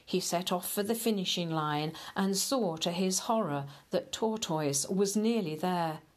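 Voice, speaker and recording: A woman reading a children's story aloud in a gentle, unhurried way, talking to the children directly. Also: lowish voice.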